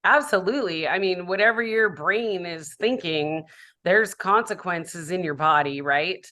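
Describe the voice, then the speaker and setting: A woman's voice: on the low side, a little slow, pushed and bright. A woman who works as a public speaker, a guest in a podcast conversation, talking reflectively and candidly about her own life.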